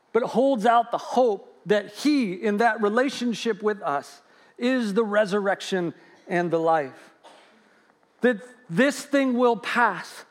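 A man preaching a sermon in an earnest way, swinging from loud stresses to hushed lines. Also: very high voice. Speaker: pastor.

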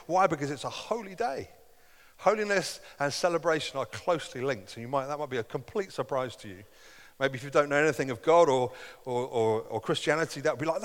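A man's voice: a little high, animated, moderate pace, fairly bright tone. A middle-aged man preaching a sermon as pastor, earnest and conversational, acting out quoted voices. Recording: long hall reverb.

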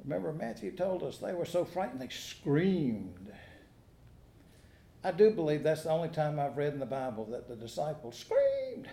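Guy preaching in an echoey church, kinda high voice but mellow, folksy jokey storytelling. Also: sing-song, normal speed, vocal fry. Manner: folksy storytelling with dry humor and rhetorical questions. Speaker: pastor. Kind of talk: sermon. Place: church sanctuary.

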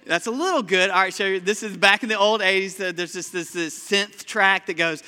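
Bright-voiced male pastor in a reverberant hall. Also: sits high, moderate pace, clean tone. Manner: lively, conversational, speaks directly to the congregation. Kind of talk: sermon. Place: church sanctuary, on a stage.

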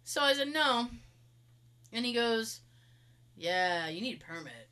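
A woman from Massachusetts with a Massachusetts accent, telling a story in casual chat with lively sound effects. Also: fairly high pitch, measured pace.

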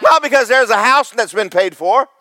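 A man, pastor of a church, preaching a sermon with big swings between loud, fervent highs and low, joking asides to the congregation. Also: lively intonation, normal speed. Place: church sanctuary.

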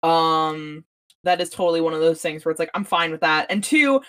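Woman co-host, low-ish voice, blunt, sweary, mock-annoyed banter. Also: normal speed, a bit bright. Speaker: podcast co-host. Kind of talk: casual chat.

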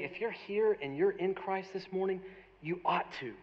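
A man preaching a sermon as a pastor, conversational and animated, with storytelling and asides to the congregation. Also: high voice, normal speed, highs cut off.

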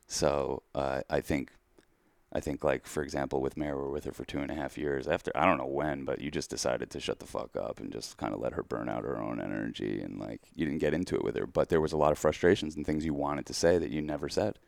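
A man co-hosting a podcast talks in a very deep voice with a gravelly rasp. His speech rambles, candid and self-deprecating. The sound is dry and close. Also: quick pace, dry recording. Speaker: podcast co-host. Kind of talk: casual chat.

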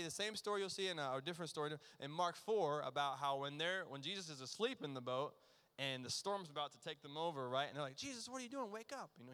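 A man preaching a sermon as pastor, earnest and emphatic, sometimes dropping to a near hush. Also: on the high side, clear, resonant tone. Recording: long reverb of a large hall.

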